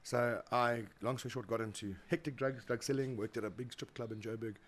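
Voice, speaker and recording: A South African man telling stories as a guest in a casual interview, animated, acting out quoted voices and often repeating words. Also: mid-range voice, brisk. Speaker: guest, motivational speaker.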